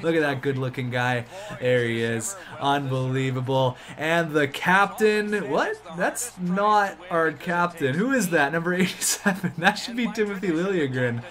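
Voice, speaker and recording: A man giving excitable gameplay commentary on a hockey video game, shouting at the big plays. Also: a little high, moderate pace. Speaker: gaming YouTuber.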